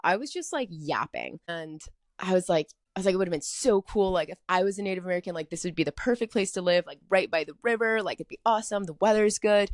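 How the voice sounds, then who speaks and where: A young woman hosts her podcast alone, rambling through a personal story and filling every pause with "like". Her voice sits a little low for a woman. The sound is dry and close, with no room in it. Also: no room sound. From Atlanta, US. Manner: chatty, rambling, heavy filler "like". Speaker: podcast host. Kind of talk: casual solo storytelling.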